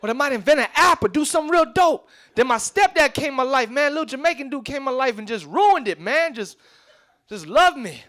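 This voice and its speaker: A young stand-up comic with a high voice tells stories in on a club stage. He talks in a loose, streetwise way and keeps turning to the crowd with quick asides. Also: big pitch swings, fairly bright tone. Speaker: stand-up comedian. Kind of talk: stand-up comedy set.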